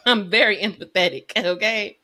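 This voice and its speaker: A woman co-hosting a faith podcast, chatting casually in an animated, emotional way. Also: mid-range voice, a little slow. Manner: animated, emotional storyteller, Southern US dialect forms. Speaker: podcast co-host. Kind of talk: casual chat.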